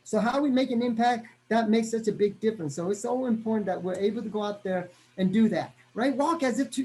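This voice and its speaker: A man giving an energetic motivational training talk over a video call, constantly checking in with his listeners. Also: very high-pitched. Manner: energetic, punctuates every point with "right?".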